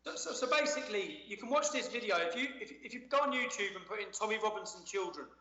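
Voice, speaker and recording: A man's voice: high-pitched, expressive, fast, sharp tone. A man giving an emphatic, indignant account as a guest in a remote interview, often repeating words as he speaks. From England. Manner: emphatic, indignant storytelling with frequent word repeats. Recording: echoey, dull lo-fi sound.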